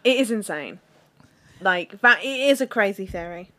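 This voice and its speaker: A woman co-hosting a chatty podcast who teases and laughs easily. Her pitch swings widely as she talks, and she stays animated throughout. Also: moderate pace. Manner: laughs often, teasing and animated. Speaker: podcast co-host. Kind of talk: casual chat.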